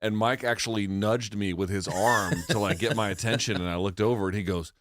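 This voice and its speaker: A man's voice: fairly low pitch, fairly even intonation, fairly quick, fairly bright tone, no echo. A man co-hosting a studio talk show, swearing freely, telling stories and arguing with the others. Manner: profane, storytelling, argumentative. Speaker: podcast co-host. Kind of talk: casual studio chat.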